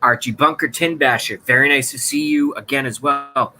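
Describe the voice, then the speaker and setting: A man hosting a live broadcast, delivering a sarcastic rant in a sharp, forceful voice. He talks to his viewers in a mock-dramatic way, with a faint hum of noise behind him. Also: medium pitch, normal speed, poor audio. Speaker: livestream host.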